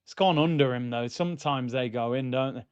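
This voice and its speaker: A man hosting a live football watchalong, ranting and bantering and shouting when goals go in. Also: mid-range voice, a little fast, smooth, dry recording, lo-fi sound. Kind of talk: live match watchalong commentary.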